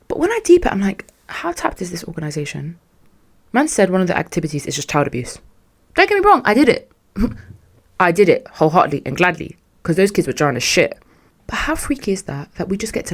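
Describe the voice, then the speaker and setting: A young adult woman hosting a podcast, telling a story in a casual, animated and exasperated way, full of slang. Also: fairly low pitch. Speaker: podcast host.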